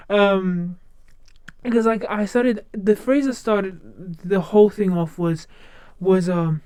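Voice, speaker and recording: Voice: mid-range voice, moderate pace, darkish tone, dry recording. A streamer chatting casually to viewers, whose first language is not English, rambling and often repeating and restarting phrases. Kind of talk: casual chat.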